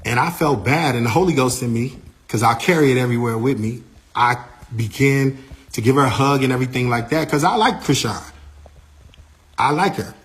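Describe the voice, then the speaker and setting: A man, an artist's manager, recounting a backstage incident in a lively, casual way, repeating himself and using slang. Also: medium pitch, fairly quick. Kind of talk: animated storytelling.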